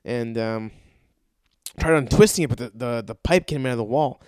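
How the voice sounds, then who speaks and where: A young man telling a comic story with lots of swearing, acting out other voices and swinging from loud rants to low mutters. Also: moderate pace, smooth, no echo.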